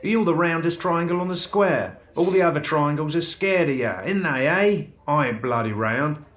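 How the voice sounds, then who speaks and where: A man voicing a rowdy bloke, jeering in a brash, high voice. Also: normal speed, fairly bright tone, reverberant, natural voice.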